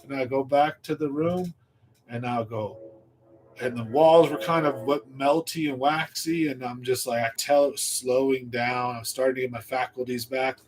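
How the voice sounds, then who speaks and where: A man's voice: medium pitch, normal speed, faint music behind. Rambling man telling a story on a livestream. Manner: rambling, animated storyteller who laughs at his own tale. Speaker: fishing channel livestream host.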